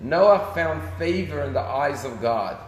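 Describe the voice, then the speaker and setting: A rabbi giving a casual daily sermon, telling stories and using Hebrew phrases. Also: male voice, fairly high pitch, animated, a little slow, a little hiss or hum. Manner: conversational storytelling, Hebrew phrases. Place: synagogue sanctuary. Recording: echoey synagogue hall.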